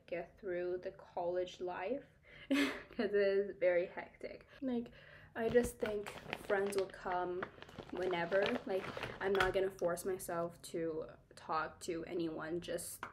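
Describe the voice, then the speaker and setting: A woman's voice: medium pitch, a little mellow, slight background noise. A young woman from Kansas, a beauty vlogger who chats bluntly while doing her makeup and fills her talk with "like" and laughs. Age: young adult. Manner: blunt, chatty, filler-heavy, laughs often.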